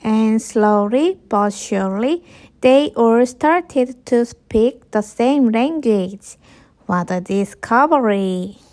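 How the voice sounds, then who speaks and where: A woman, a teacher reading an English picture book aloud to children, slowly and clearly. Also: a little high. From Korea. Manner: slow, clear and expressive.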